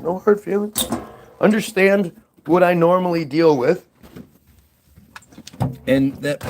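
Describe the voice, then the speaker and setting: A man's voice: medium pitch, background noise. A man talking casually to the camera outdoors in freezing weather, rambling, swearing and stammering as he repeats himself. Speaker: vlogger.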